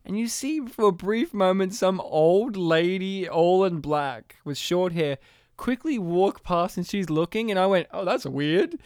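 A podcast co-host in casual film-review chat, lively and laughing, acting out scenes while retelling them. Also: medium pitch, a little slow, smooth, no room sound, clean studio sound. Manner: animated, laughing, acts out scenes.

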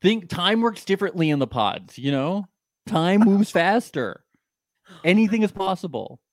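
A man's voice: sits high, very animated, normal speed, dry recording, clean studio sound. A man co-hosting a casual recap chat, joking, acting out quotes and tripping over his words. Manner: joking, acts out quotes, stammers and restarts. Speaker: podcast co-host.

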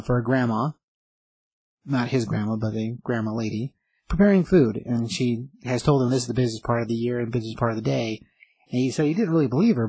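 A man's voice: mid-range voice, a little mellow, husky, dry recording, low-quality recording. A man casually recapping a comic book story, rambling with lots of fillers and restarts.

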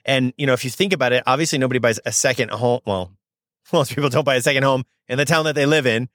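A man's voice: medium pitch, fast, a bit bright, no echo, clean studio sound. A young man from Southern California, a podcast host telling a story in a chatty, upbeat way with lots of fillers. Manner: chatty and upbeat, many fillers, acts out quoted voices. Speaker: podcast host, notary signing agent.

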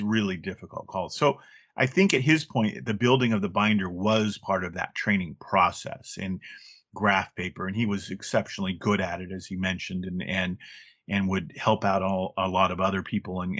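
Rambling middle-aged man, low voice. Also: fairly bright tone. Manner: rambling, many restarts and fillers. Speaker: guest, former game play counselor. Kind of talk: casual interview talk.

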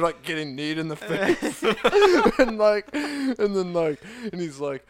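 A man's voice: sits high, normal speed, few pauses, dry recording, studio quality. A young man in casual chat, telling stories with lots of swearing and acted-out quotes. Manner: animated storytelling, swears a lot, acts out quotes.

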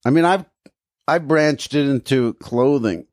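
A man in loose, casual podcast chat, spinning long anecdotes and slipping into the voices of the people he quotes. His voice sits at a middling pitch. The sound is dry and close, with no room around it. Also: measured pace, darkish tone, no room sound. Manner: rambling storyteller, acts out quoted people. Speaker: podcast co-host.

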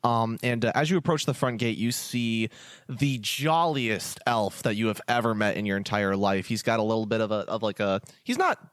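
A man running a tabletop game as game master, describing the scene in a relaxed, rambling way with many fillers. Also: on the low side, normal speed, dry recording. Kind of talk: improvised tabletop game narration.

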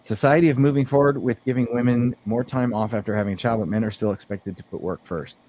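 A man's voice: medium pitch, fairly even intonation, fast talker, a little mellow, slight background noise. A man co-hosting a casual podcast, reading an article aloud and giving blunt opinions on it. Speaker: podcast co-host.

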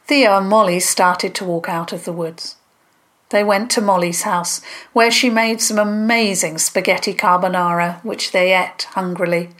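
A woman, a storyteller, narrating a scripted children's story calmly and clearly. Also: medium pitch, normal speed.

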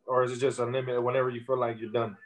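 A man's voice: mid-range voice, level tone, very fast. A man, a rapper telling stories loosely with lots of swearing and fillers. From Texas. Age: 30s. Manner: loose, profane storytelling with many fillers. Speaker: rapper guest. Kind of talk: casual interview.

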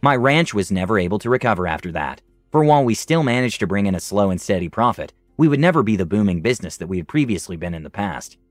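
Lively low-voiced male storyteller. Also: fast, no echo, soft background music. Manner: dramatic storytelling, lively rise and fall. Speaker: narrator. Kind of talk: first-person fantasy story narration.

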